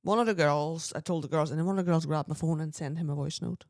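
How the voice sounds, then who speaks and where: A woman co-hosts a podcast, telling a story in loose, chatty fashion. She often clears her throat and slips into other people's voices as she recounts what they said. The sound is close and dry. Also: deep voice, steady tone, quick pace, a little mellow, no room sound. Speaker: podcast co-host. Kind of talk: casual storytelling chat.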